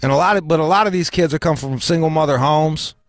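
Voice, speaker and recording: A man's voice: on the high side, fast, no room sound, clean studio sound. A man hosting a casual talk show, swearing freely and laughing as he rants. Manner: profane, animated, laughs often. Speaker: show host.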